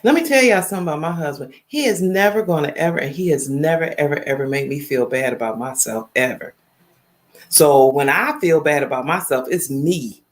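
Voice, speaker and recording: A woman in her fifties talks straight into her camera during a livestream, telling stories and speaking directly to her chat. Her delivery is animated and emphatic, and her voice sits a little on the low side. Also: a little fast. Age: 50s. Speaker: livestream host. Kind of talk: casual livestream talk.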